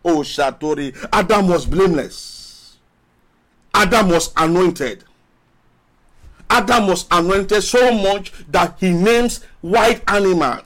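A man preaches a sermon in a slow, deliberate way, stretching his words and pausing often. His voice sits high for a man, and he repeats phrases as he builds toward rising calls. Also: a bit bright. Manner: emphatic preaching with long pauses and rising calls. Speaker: pastor.

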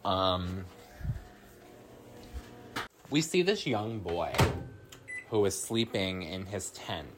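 Slow, rambling casual podcast host. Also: deep voice, very animated, heavy background noise. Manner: rambling, filler-heavy, swears freely. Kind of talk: casual film recap.

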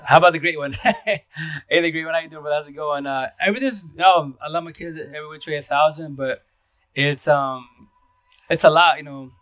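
A man talks casually on a home live stream, moving fast and restarting his sentences. His voice sits a bit high, and the sound is dry and close. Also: fairly even intonation, a bit bright, clean tone, no room sound. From Seattle area. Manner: fast, rambling talk with restarts. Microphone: phone.

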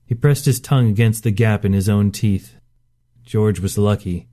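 A man narrating a short story in a steady, measured reading. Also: on the low side. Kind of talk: scripted narration.

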